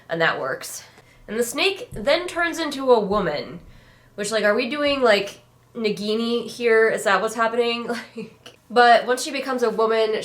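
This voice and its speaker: A woman talks through a book she clearly finds ridiculous, in a loose and sarcastic review. Her exasperation shows in the frequent swearing. Her voice sits at an ordinary middle pitch. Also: fairly bright tone. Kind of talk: casual book critique.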